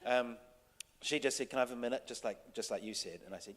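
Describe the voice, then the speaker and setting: A man who works as a TV director, telling a story to a panel audience in a casual, halting way full of restarts and fillers. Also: on the low side. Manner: halting, many restarts and fillers, soft-spoken. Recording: long hall reverb.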